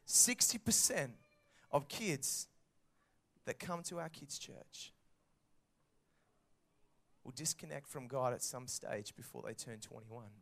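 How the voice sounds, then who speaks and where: A man in his thirties with an Australian accent, preaching a sermon and telling stories with lively acted-out quotes. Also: medium pitch, slow, gravelly, pauses often. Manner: animated storytelling with acted-out quotes. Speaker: pastor.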